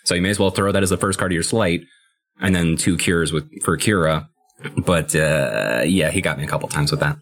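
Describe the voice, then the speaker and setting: A man's voice: sits low, brisk, a bit bright. A young man co-hosting a podcast, chatting casually about a video game and explaining strategy in long, loose sentences. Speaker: podcast co-host.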